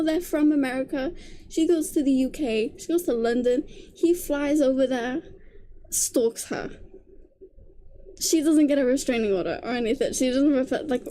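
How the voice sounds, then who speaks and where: A young woman vlogger ranting casually to camera, animated and exasperated, often breaking into laughter. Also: high voice, a little hiss or hum. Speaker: book vlogger.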